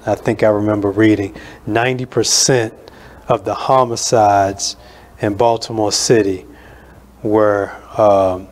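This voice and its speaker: A man hosting a radio talk show, speaking in an earnest, measured way with many fillers. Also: fairly low pitch.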